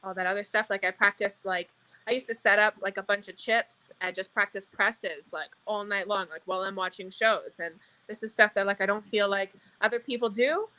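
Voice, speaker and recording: Young woman dealer chatting, bright voice, says like every other word. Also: mid-range voice, fairly even intonation, fairly quick, rough recording. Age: young adult. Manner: rambling, says "like" constantly. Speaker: guest, casino dealer. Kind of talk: casual chat.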